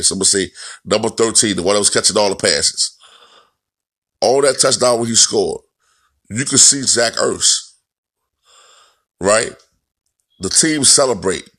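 Man, lowish voice, blunt and profane sports rant, keeps circling back to his points. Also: a bit bright, slightly rough. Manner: blunt, profane, repetitive, ranting. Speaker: football commentator.

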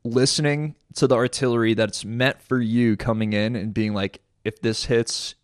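A man's voice: mid-range voice, normal speed, no echo. Chatty man recalling combat, dry sound. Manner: relaxed, chatty retelling with friendly asides. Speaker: podcast guest or host, military veteran. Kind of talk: casual storytelling conversation.

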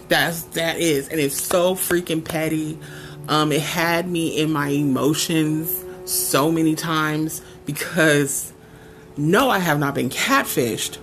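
A woman hosting a podcast, reviewing a show in a sassy, sarcastic, chatty way with lively asides. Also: medium pitch, slow pace, faint music behind. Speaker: podcast host.

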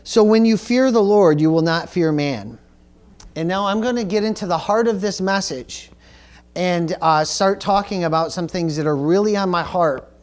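A man's voice: sits high, moderate pace, a little mellow. Emphatic preaching man. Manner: earnest, emphatic, repeats words when stressing points; calls for audience responses like "Amen?". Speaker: pastor. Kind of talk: sermon.

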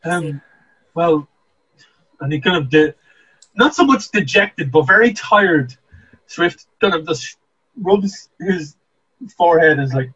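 Give me a hesitant, slightly husky man as game master, with dull lo-fi sound. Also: a little high, expressive, slow, pauses often, a bit bright. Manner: hesitant, lots of ums and restarts, laughs often. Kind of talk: narrating a tabletop game.

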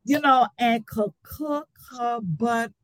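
A woman guest on a casual live-stream chat, telling stories warmly and from the heart. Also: fairly high pitch, takes it slowly, no echo, low-quality recording. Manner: warm, storytelling, heartfelt.

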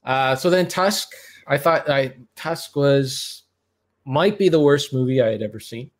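A man's voice: medium pitch, unhurried. A man hosting a podcast, chatting casually and giving his blunt, rambling opinions. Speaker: podcast host. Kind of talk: casual chat.

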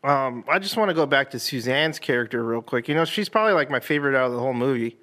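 A man's voice: mid-range voice, expressive, fast, a bit bright. A man co-hosting a casual movie chat, talking loosely with plenty of swearing. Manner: loose and profane, acts out the characters' lines. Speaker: podcast co-host.

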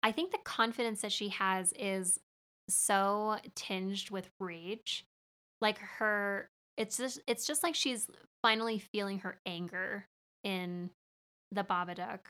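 A woman's voice: medium pitch, slow, bright, forceful tone. A young woman talking casually about a movie, chatty, laughing often and acting out lines.

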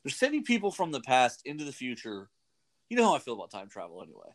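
A man's voice: mid-range voice, wildly swooping pitch, fast. A man hosting a radio show, rambling casually with many fillers. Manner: rambling, chatty, lots of fillers. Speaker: radio host. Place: radio studio.

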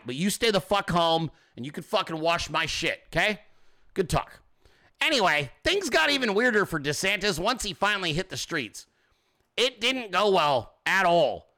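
A man's voice: sits high, pushed and bright. A man hosting a ranting commentary show, profane and mocking, with a sarcastic edge. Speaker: host.

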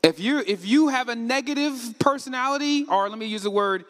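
A man preaching a sermon, asking the congregation questions and rising to shouts. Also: very high-pitched, expressive, a little fast. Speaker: pastor. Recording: echoey hall with long reverb.

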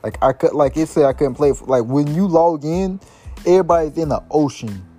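A man's voice: a little high, a little fast, dark tone, faint music behind. A young man hosting a casual solo podcast, rambling loosely with slang and lots of "like" and "bro". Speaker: podcast host.

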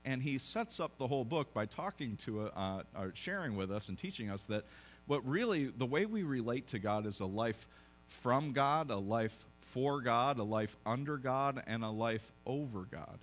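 A pastor preaching a sermon, telling a story conversationally with joking asides and frequent restarts. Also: male voice, mid-range voice, animated, moderate pace, faint music behind.

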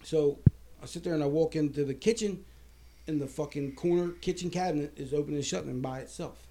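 High-voiced man telling a story. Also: brisk. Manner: animated, heavy swearing, acts out quoted people. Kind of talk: casual spoken anecdote.

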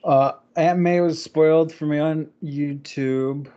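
A man's voice: fairly high pitch, steady tone, slow, dark tone, clean tone, dull audio. A young man co-hosting a casual movie review podcast, laid-back and brief. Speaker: podcast co-host.

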